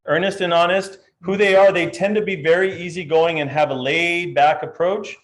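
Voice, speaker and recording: A man leading a live real estate training session, talking in a lively way and acting out client voices. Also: on the high side, moderate pace.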